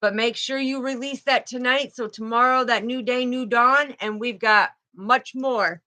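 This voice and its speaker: A woman's voice: a little high, steady tone, unhurried, pushed and bright, low-quality recording. A middle-aged woman, hosting a casual spiritual livestream, effusive and protective as she greets her viewers by name.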